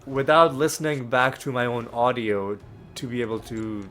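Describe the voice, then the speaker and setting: Let's play host, male, sick with a cold, hesitant thinking-aloud delivery over soft game music. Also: medium pitch, fairly even intonation, normal speed. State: ill with a cold, occasional coughs. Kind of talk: casual gameplay commentary. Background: faint game music.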